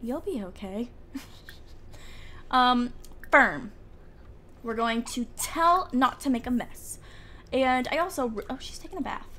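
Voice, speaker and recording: A young gaming YouTuber speaks slowly with long pauses in a high-pitched, expressive, bright, and forceful voice. She casually commentates a life-sim game from her home room, chatty and giggly, talking to her characters. Through the open window comes faint outdoor ambience.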